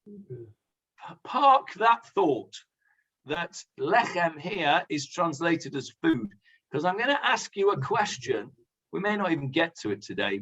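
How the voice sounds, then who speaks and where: A man, a rabbi, leading a conversational Bible class, pausing with many fillers and asking the class questions. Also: fairly high pitch, a bit bright. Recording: dull lo-fi sound.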